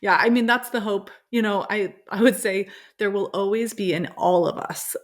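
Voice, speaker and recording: A woman speaking as a guest author in a relaxed interview, her pitch sitting in the middle. She explains her ideas earnestly and plainly, with the ease of easy conversation. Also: moderate pace. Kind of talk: casual interview chat.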